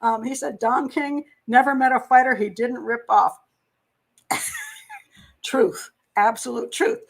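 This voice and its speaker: A woman's voice: on the high side, steady tone, slow, gravelly, low-quality recording. Chatty rambling woman host. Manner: rambling, chatty, reads out viewer comments. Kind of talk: casual live-stream chat.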